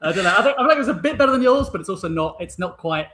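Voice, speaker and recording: A man's voice: high voice, expressive, racing, a crowd in the background. A man co-hosting a livestream, reading out fan questions in a playful, joking way. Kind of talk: casual livestream chat.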